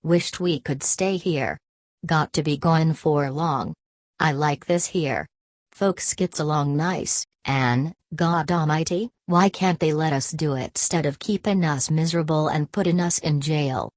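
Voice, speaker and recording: Worried, earnest camp chairman read by a woman; low, folksy drawl. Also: a little slow, darkish tone, no room sound.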